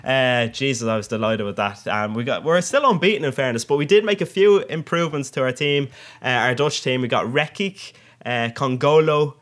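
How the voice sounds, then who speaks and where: A man's voice: mid-range voice, moderate pace, fairly bright tone. A young man giving casual, jokey and crude commentary over a football video game, laughing often. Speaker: gaming commentator.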